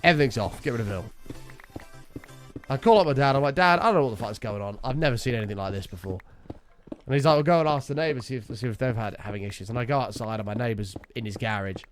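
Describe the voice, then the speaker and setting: A man's voice: mid-range voice, fast, soft background music. A young man streaming a game, casually telling a story, swearing freely and acting out his own quotes. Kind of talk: casual storytelling while gaming.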